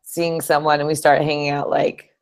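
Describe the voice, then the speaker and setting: A woman's voice: low-pitched, flat delivery, normal speed. A young woman in casual podcast chat, speaking candidly and laughing easily.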